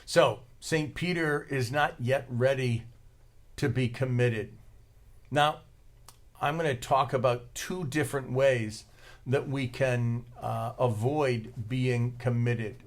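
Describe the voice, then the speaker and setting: Casual, joking parish priest. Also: male voice, mid-range voice, fairly even intonation, slow. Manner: casual, joking, plain-spoken. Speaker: pastor. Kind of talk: conversational homily. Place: church.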